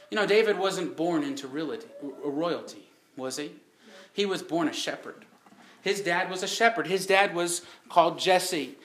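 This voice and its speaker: A man's voice: fairly high pitch, a bit bright, roomy sound. A man preaching a sermon, telling the story in a folksy way with rhetorical questions.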